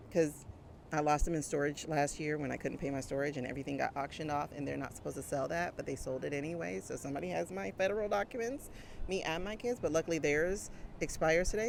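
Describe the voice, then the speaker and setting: A brand coach in her 40s chats casually with her viewers outdoors by a street, laughing often, with faint traffic behind her. She uses a small mic plugged into her phone. Her low voice is quick and a little mellow, with vocal fry.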